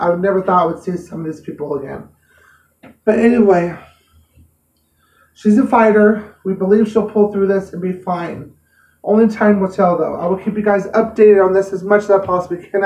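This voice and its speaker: A woman's voice: medium pitch, darkish tone. A woman giving an earnest, emotional personal vlog update, often repeating herself. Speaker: vlogger. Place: home room. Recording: roomy echo, mic at a distance.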